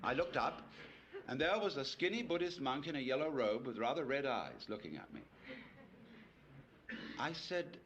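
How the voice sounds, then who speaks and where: A man's voice: medium pitch, very animated, normal speed, pauses often, a bit bright, muffled recording, a little hiss or hum. A man giving a public lecture to an audience, telling stories with wry, playful asides.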